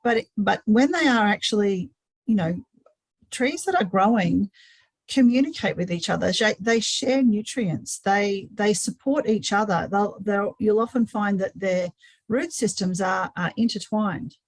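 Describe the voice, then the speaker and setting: A webinar host leads a live-streamed session, thinking aloud earnestly and often doubling her words. She speaks at a middle pitch, animated yet unhurried, in dry, close sound with no room echo.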